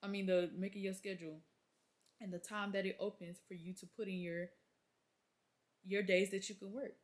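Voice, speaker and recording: A young woman, a nurse, venting casually to camera, exasperated and animated as she acts out conversations. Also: medium pitch, normal speed. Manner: exasperated, animated storytelling with acted-out quotes. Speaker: labor and delivery nurse, vlogger.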